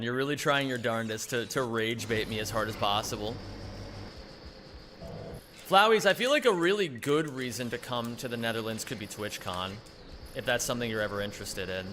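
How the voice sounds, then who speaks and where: A man live-streaming a speedrun, chatting casually in a joking, rambling way with playful swearing. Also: medium pitch. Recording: noisy stream audio.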